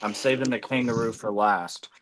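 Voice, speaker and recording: Rambling low-voiced man hosting a stream. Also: steady tone, normal speed, a bit bright, slight background noise. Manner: rambling, many fillers; chewing food while talking. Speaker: livestream host. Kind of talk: casual livestream chat.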